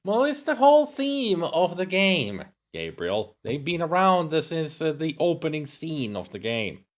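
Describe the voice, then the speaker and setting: Playful male streamer with a lively voice. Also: a little high, measured pace. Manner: joking, playful, chatting with viewers. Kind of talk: casual let's-play commentary.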